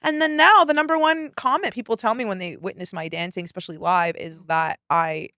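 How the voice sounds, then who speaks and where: A woman in her thirties, telling personal stories in a candid podcast chat, animated and swearing, acting out relatives' lines. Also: mid-range voice, fairly quick, no echo, studio quality. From Pakistani-American. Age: 30s. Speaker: guest.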